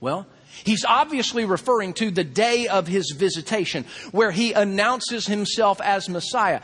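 Husky, high-voiced animated preacher man. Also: normal speed. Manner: animated, acts out crowd voices, swings from loud to hushed. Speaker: pastor. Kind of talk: sermon.

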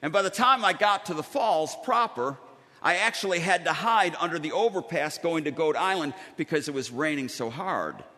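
A man delivers a sermon in a church sanctuary, his bright voice rising and falling with lively storytelling and dramatic pauses. A long reverb from the hall trails each phrase. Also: fairly high pitch. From Western New York. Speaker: pastor.

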